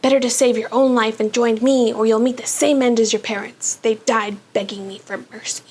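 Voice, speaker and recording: Woman putting on a cruel male dark wizard from a storybook, hissing low and soft with a menacing whisper, then shrieking orders. The voice sits fairly high for a man. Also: fairly even intonation, brisk, lightly acted.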